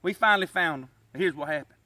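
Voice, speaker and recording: A man's voice: fairly high pitch, quick pace, bright, forceful tone, no room sound. A man telling a rhyming comic story in a folksy drawl, as the host of his channel. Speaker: comedy storyteller.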